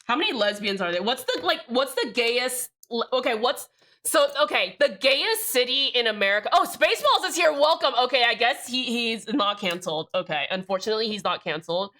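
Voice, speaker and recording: A woman's voice: on the high side, lively intonation, brisk, pushed and bright. A woman live streamer chatting casually with her chat, joking and swearing, with rambling restarts. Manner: profane, joking, reads out chat names.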